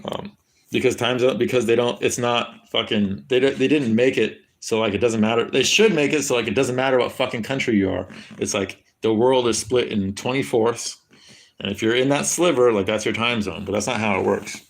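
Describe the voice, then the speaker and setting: A man's voice: medium pitch, brisk. A young American man chatting casually on a livestream, rambling and crude as he answers his chat. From United States. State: high.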